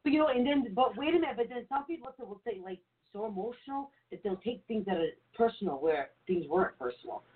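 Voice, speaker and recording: A woman's voice: on the high side, expressive. Talkative woman on a tinny line. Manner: talkative, quick to agree, rambling. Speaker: podcast co-host. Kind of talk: casual spiritual chat. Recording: tinny phone-like audio.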